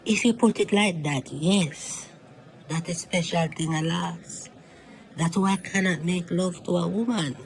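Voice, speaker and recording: A man's voice: high-pitched, normal speed, few pauses, a little hiss or hum, poor audio. A man voicing a reformed former thief serving life in prison, giving earnest advice in broken creole English. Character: reformed male thief, longtime prison inmate, calm advisor. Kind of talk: cartoon voice acting.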